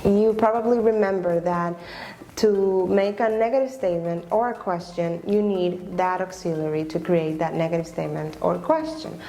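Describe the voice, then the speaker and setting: A woman's voice: mid-range voice, warm tone, slight background noise. A woman teaching an English lesson online, patient and explanatory, often checking in with "okay?" and restating her points.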